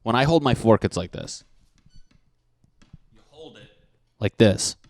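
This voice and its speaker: Young guy ranting and cursing on his podcast, lowish voice, dry close mic. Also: unhurried, no room sound. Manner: profane, animated ranting with mocking voices. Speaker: podcast host. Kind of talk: solo comedic rant.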